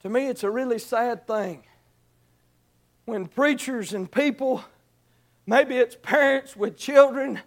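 A man with a very high voice preaches a sermon. He rises into loud shouted exhortation, then drops to soft, pleading appeals. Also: takes it slowly, long pauses. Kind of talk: evangelistic sermon.

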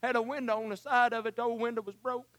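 A male preacher, delivering a sermon that swings from shouts to hushed, emotional asides and calls the listeners honey. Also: very high voice, flat delivery, fast, no room sound.

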